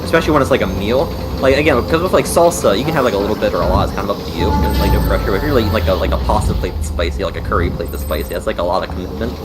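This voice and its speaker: A man's voice: on the low side, racing, few pauses. A young man chatting casually, telling a profane, rambling story full of fillers. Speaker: streamer. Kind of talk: casual chat. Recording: noisy background.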